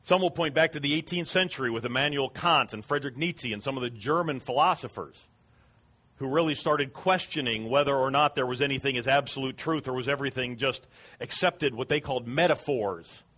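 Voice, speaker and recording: A man's voice: medium pitch, a little fast, sharp tone. A man preaching a sermon as pastor, earnest and emphatic.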